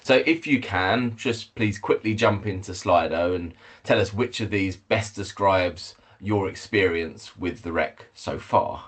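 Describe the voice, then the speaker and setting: A man leads an online webinar. He talks in a measured way, often restarting phrases with fillers. It sounds like a video call. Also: deep voice, breathy edge. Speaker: head of communications. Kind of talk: webinar presentation.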